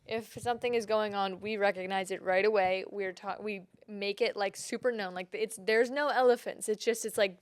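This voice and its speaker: A woman's voice: normal speed, few pauses, no echo. A young woman co-hosting a podcast, chatting casually and telling stories animatedly. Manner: animated storytelling, quotes herself in high emotional bursts. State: pregnant. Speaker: podcast co-host. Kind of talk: casual chat.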